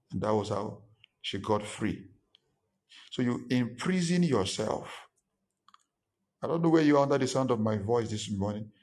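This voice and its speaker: A man's voice: mid-range voice, a little mellow. A man preaching a sermon as a pastor. He talks emphatically, repeats his points and acts out the people he quotes.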